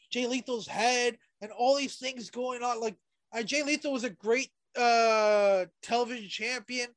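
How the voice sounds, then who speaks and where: A podcast co-host chats casually, rambling along with plenty of swearing and hesitation. The sound is dry and close, with no room echo. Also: mid-range voice. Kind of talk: casual wrestling chat.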